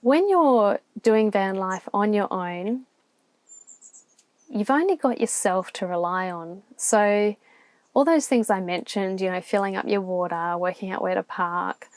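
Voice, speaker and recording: An Australian woman living the van life vlogs solo from inside her van at a campground, candid and reflective, circling back and restarting, at times nearly in tears. Her voice is mid-range and measured, captured in a dry recording.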